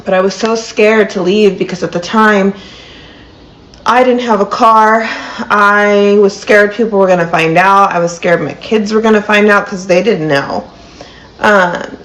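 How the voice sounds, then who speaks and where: A woman's voice: mid-range voice, poor audio. A woman in her thirties telling a personal story to camera, earnest and full of "like" and "um". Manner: earnest, many fillers like "like" and "um". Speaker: storyteller in a played clip.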